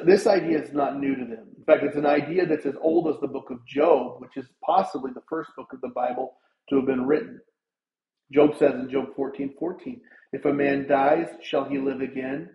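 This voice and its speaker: A man's voice: medium pitch, roomy sound, dull audio. A male pastor preaching a sermon in an earnest, conversational way, his voice rising for emphasis.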